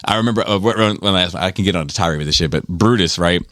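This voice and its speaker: A low-voiced man spins a long, rambling, profane story, full of "like" and "um". The sound is dry and close, with no room in it. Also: fast talker, fairly bright tone, no echo. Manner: rambling, profane, many fillers. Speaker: podcast host. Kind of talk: casual storytelling.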